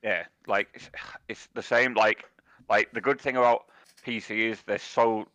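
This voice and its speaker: A man's voice: fairly low pitch, steady tone, unhurried, pushed and bright, no room sound. Young guy ranting and swearing, mate this bruv that, dry dull mic. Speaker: podcast co-host. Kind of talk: casual chat.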